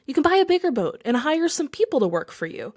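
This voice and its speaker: An insistent, impatient businessman pressing his advice, as a woman reading a parable puts him on, her voice a touch raised and louder. He lectures in the manner of a storybook telling. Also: a little high, expressive, normal speed. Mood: irritated. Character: pushy male businessman growing angry.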